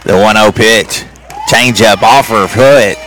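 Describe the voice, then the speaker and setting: A man calling a softball game play by play on a live broadcast, getting excited and climbing in pitch on big plays. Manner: rapid excited calls, pitch jumps high on big plays. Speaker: play-by-play announcer.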